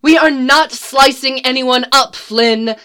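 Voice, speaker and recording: A woman voicing a dark-haired woman leader who firmly calls for calm. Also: high-pitched, unhurried, voice pushed up. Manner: firm, commanding.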